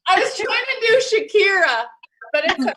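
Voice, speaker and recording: A woman's voice: very high-pitched, very animated, normal speed, sharp tone. A woman comedian doing a giggly, self-deprecating stand-up set over a video call.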